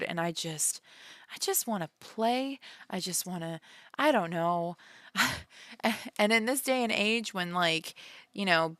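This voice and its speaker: A woman's voice: lowish voice, clean tone, no echo, studio quality. Chatty woman livestreaming from home. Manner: chatty, animated, laughs often, many fillers. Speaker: livestream host and author. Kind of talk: casual livestream chat.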